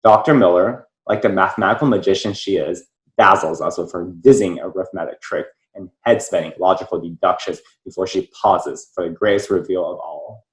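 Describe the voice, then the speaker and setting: A teenage boy, a student, reading a formal prepared speech in a measured, articulate way. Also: deep voice, echoey room, poor audio. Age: teens.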